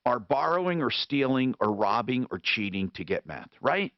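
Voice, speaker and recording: A man hosting a call-in radio show who rambles and restarts, his pitch swooping lively up and down. The voice sounds close and dry, with no room around it, but comes through a dull, lo-fi broadcast sound. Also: moderate pace, dry recording. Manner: animated, rambling, thinks out loud with restarts. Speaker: radio talk show host. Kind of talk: casual call-in radio talk.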